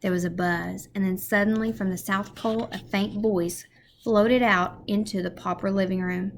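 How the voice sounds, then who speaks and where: A teacher reading a children's storybook aloud in a clear, expressive way. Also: female voice, mid-range voice, normal speed, a little hiss or hum. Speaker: first grade teacher.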